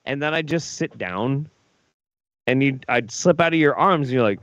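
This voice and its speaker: A man's voice: medium pitch, lively intonation, normal speed, fairly bright tone, clean tone, no room sound, lo-fi sound. A drunk man co-hosting a talk show, telling a rowdy, profane story and acting out quotes. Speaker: co-host.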